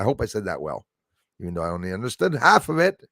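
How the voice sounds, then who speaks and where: Gravelly man chatting on a livestream. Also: mid-range voice, very animated, fast, no room sound, clean studio sound. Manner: chatty, answers viewers by name, stumbles over words. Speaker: livestream host reading chat. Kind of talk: casual livestream chat.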